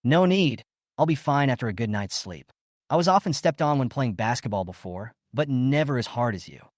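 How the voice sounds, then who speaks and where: A man's voice: mid-range voice, lively intonation, normal speed, dry recording, studio quality, lightly acted. A male narrator voicing a cheeky young man who teases in a playful tone, in a story recap. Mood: teasing. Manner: playful, teasing.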